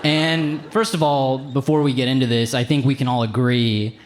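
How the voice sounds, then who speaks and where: A man performing a stand-up comedy set on stage, animated and slipping into high put-on voices for the people in his stories. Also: normal speed. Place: comedy club stage with a live audience. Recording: live venue with crowd noise. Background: audience laughter.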